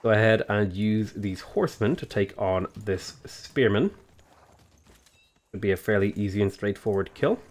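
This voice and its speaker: A man with an Australian accent casually talking through a strategy game tutorial, explaining his moves in a relaxed way. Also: fairly low pitch, normal speed. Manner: relaxed, explanatory, frequent "uh" and "go ahead". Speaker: gaming YouTuber.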